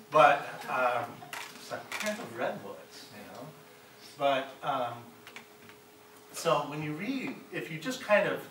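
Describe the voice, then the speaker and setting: Here a middle-aged guest speaker from Chicago lectures a college class in a mid-range voice, frequently tossing out "right?" to his listeners. The background is noisy, the room is echoey, and the microphone is distant.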